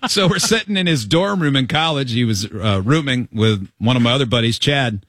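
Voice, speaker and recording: A man's voice: mid-range voice, brisk, no echo, studio quality. A man hosting a radio show, telling a childhood story in a casual, comedic way and acting out the voices. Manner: animated storyteller, acts out voices with yelps.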